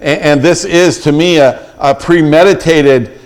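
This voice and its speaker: A man's voice: fairly high pitch, a little slow. A middle-aged man preaching a sermon as pastor, retelling scripture with vivid, acted-out quotes and frequent restarts.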